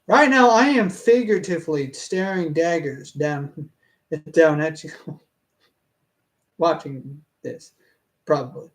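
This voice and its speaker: A man with a fairly high voice reads a fan story aloud and comments on it in a casual way. He talks slowly, stops and restarts his sentences, and laughs often. He sounds exasperated. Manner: exasperated, halting, self-interrupting. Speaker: reader reviewing a fan story.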